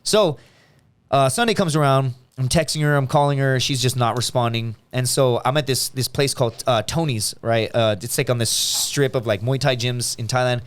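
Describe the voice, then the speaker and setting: A man guest on a podcast, telling stories in a casual, animated and profane way, acting out other people's lines. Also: medium pitch, normal speed, clear, resonant tone. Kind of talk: casual storytelling chat.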